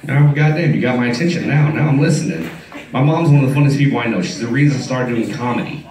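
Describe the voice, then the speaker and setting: A man's voice: mid-range voice, fast talker. A man doing a stand-up set in a bar, telling stories in a profane, self-mocking, conversational way. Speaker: stand-up comedian. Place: bar stage with a live audience. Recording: roomy bar audio from far off, crowd noise. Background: loud bar crowd, laughter.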